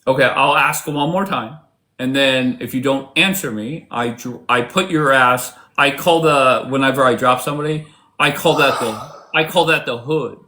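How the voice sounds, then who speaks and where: A man's voice: medium pitch, moderate pace, sharp tone. Combative man hosting a live debate. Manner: combative, interrupting, mocking. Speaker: livestream debate host. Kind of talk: confrontational livestream debate.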